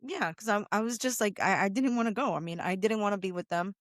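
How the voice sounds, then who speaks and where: A woman co-hosting a podcast in a studio, chatting in a low-key way that is full of fillers. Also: fast, no room sound. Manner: low-key, lots of "you know" and "um" fillers. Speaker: podcast co-host. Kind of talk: casual chat.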